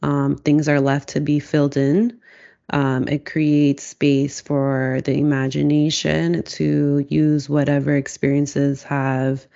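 Searching, gravelly-voiced speaker in conversation. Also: mid-range voice, flat delivery, warm tone, muffled recording. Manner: slow, searching, many "like" fillers. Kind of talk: reflective casual conversation.

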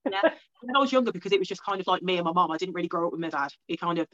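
A woman's voice: on the low side, racing, a bit bright, highs cut off. An English woman in her thirties, a strength athlete telling stories in a casual interview, chatty and full of restarts. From England. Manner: chatty storytelling with many restarts. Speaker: strongwoman athlete guest.

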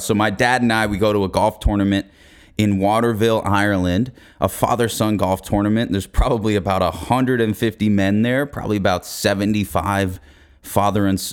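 A man's voice: fairly low pitch, clear, resonant tone. A young man hosting a podcast, telling a comedic story in a casual, profane, laid-back way. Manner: profane, laid-back, laughs through his stories. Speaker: podcast host.

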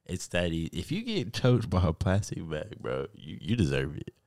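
Young guy with a really low voice, crude jokey podcast host, super dry sound. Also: very animated, normal speed, a little mellow, no echo. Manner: joking, teasing, crude banter. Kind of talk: casual chat.

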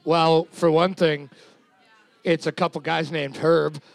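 A man's voice: fairly high pitch, little pitch movement, takes it slowly, vocal fry, no echo. A man co-hosting a trivia night, reading out team numbers and trading offhand quips. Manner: quips with dry, offhand humor. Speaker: trivia co-host and scorekeeper. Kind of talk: casual banter and reading out scores.

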